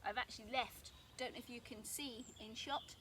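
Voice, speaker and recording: A woman's voice: fairly high pitch, steady tone, normal speed, a bit bright. A woman gardening vlogger from the UK, explaining her potato planting in a chatty, casual way while working outdoors. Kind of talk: casual outdoor how-to vlog. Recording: outdoor noise, birds and clicks.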